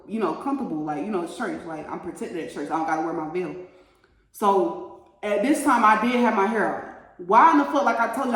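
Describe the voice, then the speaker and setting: A woman telling a story straight to her viewers in a casual, profane and animated way. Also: on the high side, far from the mic. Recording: roomy echo, mic set back.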